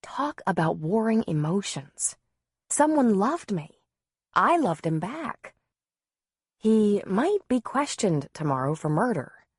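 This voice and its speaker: A woman narrating a novel in the first person, in a measured, softly expressive way. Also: medium pitch, husky, no room sound, studio quality. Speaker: audiobook narrator.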